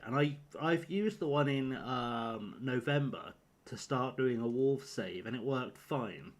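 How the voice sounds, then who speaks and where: A man talks through a football management game on a live stream. His voice sits in an ordinary middle pitch, and he rambles and fusses aloud as he sorts out his lineup. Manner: rambling, flustered, talks to himself while picking a team. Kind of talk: live-streamed gameplay commentary.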